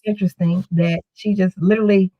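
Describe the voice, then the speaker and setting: Speaking briskly with fairly even intonation, this woman co-hosts a talk show and spins a loose, meandering story full of repeated words and restarts. Her pitch is medium, and the audio is muffled.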